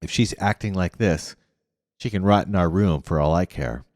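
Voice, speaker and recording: A man's voice: low-pitched, normal speed, darkish tone, no echo, studio quality, long reverb tail, close to an everyday voice. A man voicing a blunt, impatient young girl in a storybook reading. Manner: blunt, exasperated.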